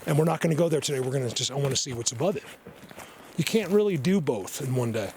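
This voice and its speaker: A man vlogging casually while walking through a snowy forest, rambling and excitable, often laughing and dropping to a hushed voice. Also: mid-range voice, quick pace, vocal fry, a crowd in the background. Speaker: vlogger, Bigfoot researcher. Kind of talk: casual hiking vlog.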